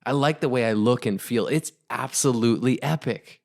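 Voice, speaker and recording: A man co-hosting a motivational podcast, speaking at a middle pitch. He talks with fervent, emphatic conviction and hammers points home by repeating short phrases. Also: normal speed, gravelly. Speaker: podcast co-host.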